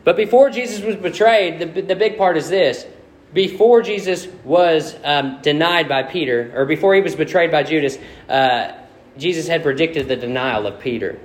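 A man preaching a sermon to a congregation, reading scripture and asking the room lively rhetorical questions. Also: a little high, normal speed. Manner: leads a soft, quiet prayer before preaching. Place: church meeting room.

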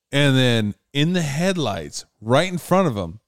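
A man's voice: mid-range voice, animated, fairly quick, hardly any pauses, clear, resonant tone, no echo, clean studio sound. A man casually telling an urban legend story, rambling and swearing often, with laughs between lines.

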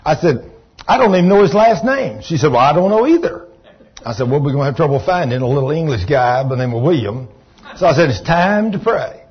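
Folksy preacher, husky voice. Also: male voice, on the high side, brisk. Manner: folksy, animated, rising to shouts of praise. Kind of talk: storytelling sermon. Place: church. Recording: dull lo-fi church recording.

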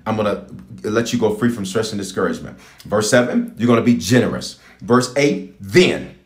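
Guy preaching big and lively, voice jumping all over, lots of call and response, echoey room. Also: medium pitch. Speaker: bishop preaching. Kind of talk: livestreamed prayer sermon.

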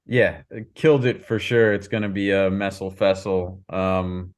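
A man with a lowish voice co-hosting a casual podcast. He gives measured, analytical commentary. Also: little pitch movement. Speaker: podcast co-host.

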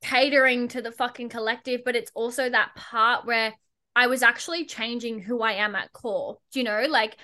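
A woman's voice: on the high side, fairly even intonation, moderate pace, bright, forceful tone. A young woman, a podcast guest and entrepreneur, talking casually in a blunt, sarcastic way and swearing freely.

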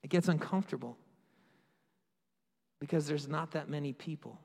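A man preaching a sermon with passion, rising to loud peaks and dropping to quiet asides. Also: on the high side, normal speed, gravelly. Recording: long hall reverb.

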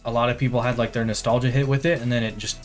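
A man's voice: medium pitch, steady tone, very fast, soft background music. A man co-hosting a casual gaming podcast, chiming in with an easygoing manner. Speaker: podcast co-host.

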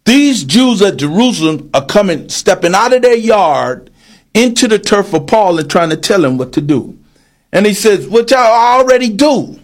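A man preaching a sermon, reading scripture aloud and explaining it, with an emphatic delivery that rises to shouts on key points. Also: high-pitched, animated, moderate pace.

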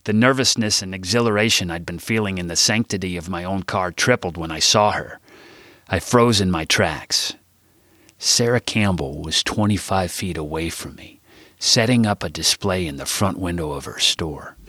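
A man reading his own book aloud as first-person narration, jumping much higher and louder whenever he voices dialogue. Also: moderate pace, no room sound, studio quality.

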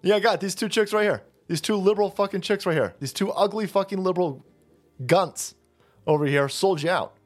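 A man's voice: sits high, fairly quick, faint music behind. A man hosting a profane political commentary channel, sarcastic and mocking as he talks over a clip. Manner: sarcastic, mocking, foul-mouthed, laughing.

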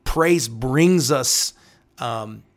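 An earnest man talks through the scripture as a pastor. He repeats key phrases and checks in with a quick "right?" as he works through each verse. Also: mid-range voice. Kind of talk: devotional Bible teaching talk.

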